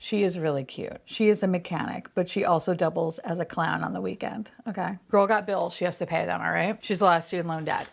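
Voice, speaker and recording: A woman chatting casually while unboxing toys, bubbly and excitable, swearing and laughing often. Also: fairly low pitch, fairly quick, gravelly, few pauses. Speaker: unboxing vlogger.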